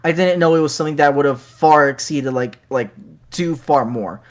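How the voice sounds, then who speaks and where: A man's voice: on the high side, moderate pace. Chatty man on a game podcast. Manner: chatty, self-deprecating asides. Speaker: podcast co-host. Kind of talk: casual game review chat.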